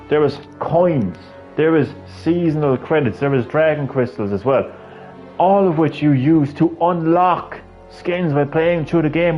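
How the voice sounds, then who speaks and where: A man's voice: fairly high pitch, muffled recording. A man live-streaming a video game, with rambling, profane, ranting commentary.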